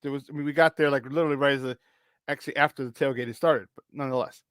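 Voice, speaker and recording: On a morning sports talk show, a male co-host tells a story in casual chat, acting out the people in it, swearing casually and often restarting sentences. His medium-pitched voice is rapid-fire, fairly even in intonation, a bit bright and clean, in a dry, studio-quality recording.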